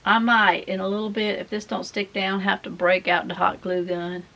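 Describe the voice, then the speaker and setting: Folksy rambling woman, gravelly. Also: mid-range voice, level tone, normal speed, pushed and bright. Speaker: craft vlogger. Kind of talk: casual chat while crafting.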